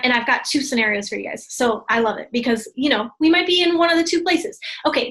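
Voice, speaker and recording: High-voiced, enthusiastic woman coach. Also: a bit bright. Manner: enthusiastic, addresses listeners as "you guys", frequent "right?". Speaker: team coach. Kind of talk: motivational team training talk.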